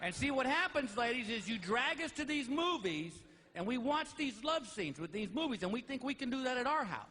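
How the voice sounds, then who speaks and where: A middle-aged man doing a stand-up comedy routine, telling stories animatedly and jumping into high put-on voices for others. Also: fairly quick, hardly any pauses. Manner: animated storytelling with high-pitched put-on voices for wife and dog. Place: large theater stage with a laughing audience. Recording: live concert recording with audience noise.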